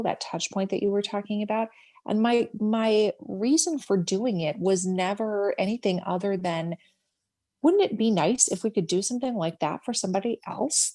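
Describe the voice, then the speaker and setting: A woman's voice: mid-range voice, warm tone. A woman with a Minnesota accent, chatting earnestly as an interview guest and laughing easily over a video call. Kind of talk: casual interview chat.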